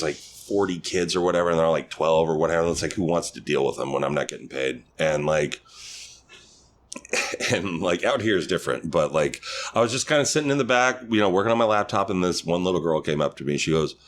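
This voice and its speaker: A man's voice: brisk, slight background noise. A man, a guest on a podcast who performs at a theme park, telling casual stories and acting out the people in them. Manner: animated, acts out quoted people in high voices. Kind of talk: casual storytelling chat.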